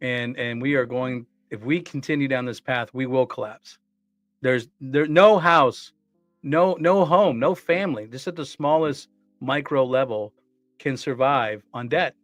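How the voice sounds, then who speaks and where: A man's voice: mid-range voice, unhurried, no room sound, faint music behind. A man co-hosting a casual podcast, talking in a rambling way with many restarts and fillers. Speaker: co-host.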